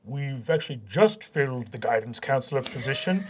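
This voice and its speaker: A man voicing a brisk, pompous male vice principal with an officious manner. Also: mid-range voice, animated, close to an everyday voice.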